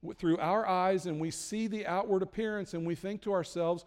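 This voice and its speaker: A man's voice: high voice, fairly even intonation, moderate pace, a little mellow. A male pastor delivering a sermon in a conversational, joking manner with many restarts. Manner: conversational, self-deprecating humor, frequent restarts. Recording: long hall reverb.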